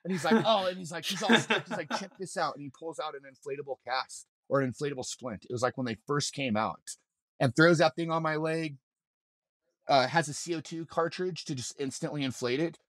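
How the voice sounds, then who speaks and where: A man with a fairly high voice talks a little fast in a clean studio recording with no room sound. He's a mountain guide appearing as a podcast guest, casually telling a story with lots of energy, acting out what others said and swearing freely.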